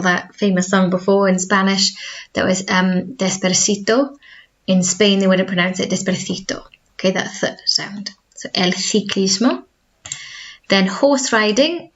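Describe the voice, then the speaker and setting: A woman's voice: medium pitch, muffled recording. A woman with a Welsh accent who teaches school languages, giving a recorded video lesson and explaining patiently, modelling each word more than once. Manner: clear, patient explaining with repeated model words.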